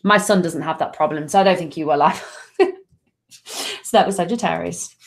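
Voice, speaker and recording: A woman's voice: fairly low pitch, moderate pace, gravelly, slight background noise. A middle-aged woman hosting a live astrology reading, chatty and reassuring, often laughing at herself. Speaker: tarot and astrology reader.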